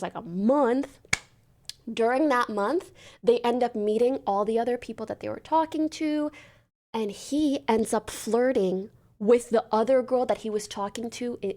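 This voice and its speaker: Animated, swearing woman host. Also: on the high side. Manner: animated storyteller, swears freely, acts out quotes. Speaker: livestream host. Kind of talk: casual livestream chat.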